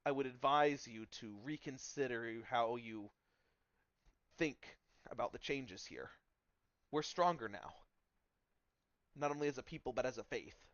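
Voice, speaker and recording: A man voicing a male priest who speaks in a slow, stern and strained way. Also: lowish voice, no room sound, lo-fi sound, lightly acted.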